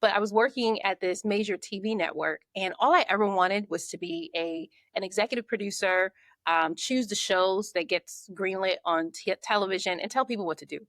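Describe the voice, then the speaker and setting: A woman's voice: mid-range voice, a little fast, no echo. Dry-sounding woman telling her story. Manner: lively storyteller who acts out her own inner thoughts. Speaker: podcast guest, marketing coach. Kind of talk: conversational storytelling.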